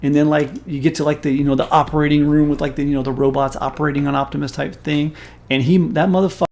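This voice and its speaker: A man in his forties, a stream host, telling a story in casual chat in an animated, profane and emphatic way. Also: on the high side, quick pace, vocal fry.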